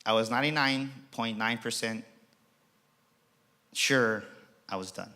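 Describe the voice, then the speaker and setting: A man's voice: fairly low pitch, measured pace, sharp tone. A middle-aged man giving a passionate motivational keynote as emcee, telling a personal story with emphasis. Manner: passionate, emphatic, acts out quoted voices. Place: auditorium stage.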